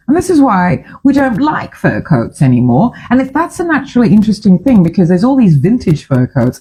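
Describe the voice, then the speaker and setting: A woman's voice: mid-range voice, a little mellow, slightly rough, poor audio. A woman hosting a casual talk show from a studio, chatty and opinionated, often drifting off on tangents. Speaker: show host.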